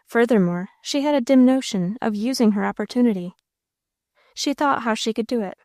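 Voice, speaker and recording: A woman narrating a classic novel as an audiobook, in a steady, measured way. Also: on the high side, dry recording, studio quality.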